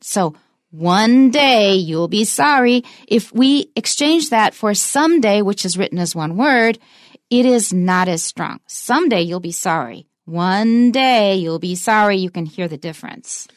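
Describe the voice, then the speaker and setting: A woman teaching English pronunciation, saying example sentences slowly and with emphasis. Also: medium pitch, lively intonation, dry recording, clean studio sound. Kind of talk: bilingual English lesson.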